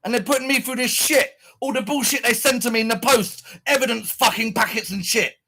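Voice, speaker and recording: A man's voice: extremely high pitch, fairly quick, bright, forceful tone, husky. A man delivering an angry, swearing, repetitive rant to his viewers. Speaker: streamer addressing viewers. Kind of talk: heated rant to camera.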